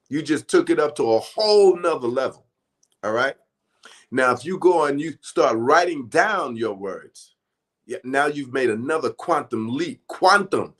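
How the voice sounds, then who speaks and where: A man teaching spiritual affirmations in a conversational, emphatic way, often chanting decrees over and over. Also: medium pitch. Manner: conversational, frequent restarts and "right?".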